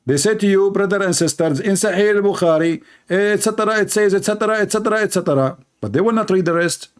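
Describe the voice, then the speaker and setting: A religious debater speaks fast and smoothly in a high-sitting male voice, using non-native English. His polemical monologue is sarcastic and mocking.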